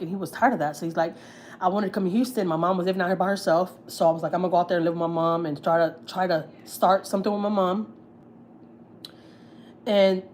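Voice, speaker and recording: Casting note: woman, lower pitch, candid storyteller, swears, faint background hum. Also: a little mellow. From United States. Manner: candid, storytelling, swears freely, acts out quotes. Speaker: family vlogger on a livestream. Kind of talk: casual gossip livestream. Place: home.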